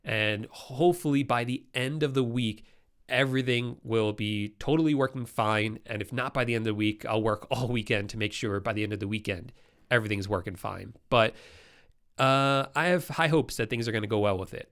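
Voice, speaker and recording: A man's voice: medium pitch, a bit bright. A man with a congested, nasal voice from a cold, hosting a casual live-stream Q&A and answering viewer questions in a chatty way.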